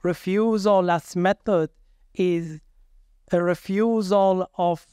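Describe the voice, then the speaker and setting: A man speaking as a researcher on a conference panel, halting and searching for words in a measured way. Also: high voice, fairly even intonation, mellow, clean tone, dry recording, studio quality. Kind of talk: academic panel discussion.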